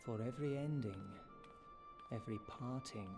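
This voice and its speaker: A man voicing a gentle, wise mentor in a fantasy game cutscene, with a soft, solemn delivery. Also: medium pitch, moderate pace, close to an everyday voice. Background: loud game music.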